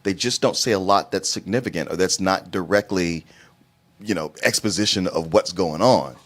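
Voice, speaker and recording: A man's voice: low-pitched, normal speed, fairly bright tone. A man co-hosting a casual movie review chat, easygoing and joking along. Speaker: co-host of a movie review show.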